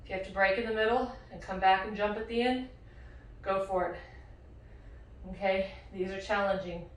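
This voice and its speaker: A winded woman leads a workout, counting each rep and urging the listener on at an unhurried pace. She is heard from across a very echoey room. Her voice sits at an ordinary pitch. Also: fairly even intonation, a little hiss or hum. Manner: counts reps aloud, encouraging. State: out of breath. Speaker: fitness instructor. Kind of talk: home workout coaching. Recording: very echoey room, mic far off.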